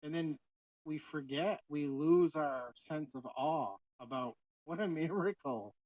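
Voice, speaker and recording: A man's voice: on the high side, unhurried, a little mellow, no echo, recorded from a distance, poor audio. A man co-hosting a casual faith podcast, talking in an earnest, reflective way with many fillers. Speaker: podcast co-host.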